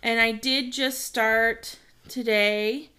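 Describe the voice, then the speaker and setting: A young woman co-hosting a casual book chat, animated, swearing freely and trailing off mid-sentence. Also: on the high side, takes it slowly. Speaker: podcast co-host.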